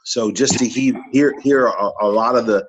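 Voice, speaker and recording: A man's voice: medium pitch, normal speed, highs cut off. A man who is a regular on a morning talk show, giving an earnest, repetitive motivational talk in a preachy way.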